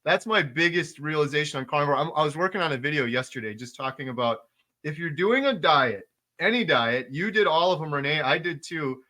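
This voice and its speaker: A man hosting a relaxed interview podcast, his voice bright and forward and pitched a bit high for a man. He talks with eager emphasis, stacking repeated words and casual fillers. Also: fairly quick. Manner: enthusiastic, repetitive emphasis, frequent fillers. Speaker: podcast host.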